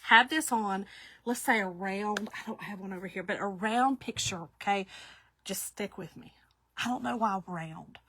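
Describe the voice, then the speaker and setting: Bright-voiced chatty woman. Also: mid-range voice, normal speed, slight background noise. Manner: chatty, laughs often, talks to viewers by name. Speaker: craft livestream host. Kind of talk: casual live craft demo chat.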